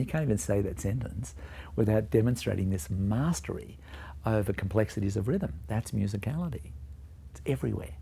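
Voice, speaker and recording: A man who founded a music teaching program, explaining his ideas emphatically and voicing rhythms out loud to show them. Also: fairly low pitch, a little fast, gravelly, slightly rough. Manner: emphatic, vocalizing rhythms to demonstrate points. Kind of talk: explanatory talk to camera.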